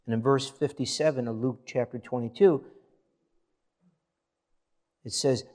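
A male pastor delivers a sermon in a mid-pitched voice. He reads passages of scripture with rising, dramatic emphasis and settles into a plain, earnest tone between them. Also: steady tone, a little slow, warm tone.

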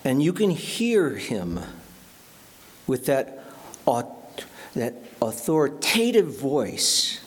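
Man preaching a sermon slowly, earnest, mid-pitched, storytelling vibe. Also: sing-song, breathy edge. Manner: earnest, dramatic storytelling with prayerful pauses. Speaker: pastor.

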